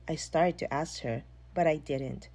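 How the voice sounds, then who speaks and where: A woman reading a children's picture book aloud with expressive, animated storytelling. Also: low voice, measured pace. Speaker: storytime reader.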